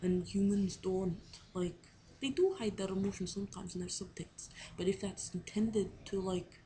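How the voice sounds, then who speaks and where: A woman's voice: medium pitch, moderate pace, mellow, slight background noise, poor audio. A young woman talking to camera in a casual video diary, rambling and unsure of herself, with many fillers. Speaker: drama student on placement.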